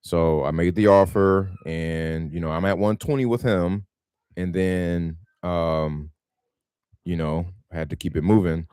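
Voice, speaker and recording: A man hosting a casual live stream about real estate wholesaling, telling stories in an animated, slangy way and laughing often. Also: low-pitched, a little slow, clean tone, no echo, clean studio sound.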